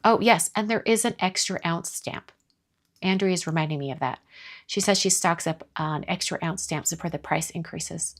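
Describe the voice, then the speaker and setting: A woman's voice: fairly low pitch, normal speed. A middle-aged woman from the American South hosting a card-making live stream in casual chat, reading viewer comments aloud and answering them.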